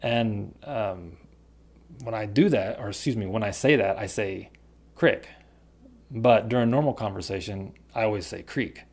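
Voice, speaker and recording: Guy teaching english words, low voice with some fry, careful and clear. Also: moderate pace, darkish tone. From United States. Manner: clear, careful demonstrations of word pairs. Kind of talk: pronunciation lesson.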